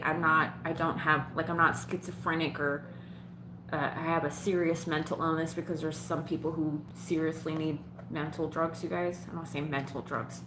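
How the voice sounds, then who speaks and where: A woman's voice: on the low side, sharp tone, a little hiss or hum. Frank, laughing woman vlogger, echoey room. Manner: frank, profane, laughs often, addresses viewers directly. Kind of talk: candid personal storytelling to viewers.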